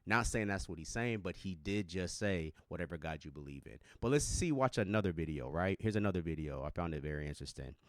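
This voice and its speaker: Low-voiced man, casual slangy commentary. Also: expressive, fast, hardly any pauses, no room sound, clean studio sound. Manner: conversational, talks with slang and filler words. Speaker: reaction video commentator.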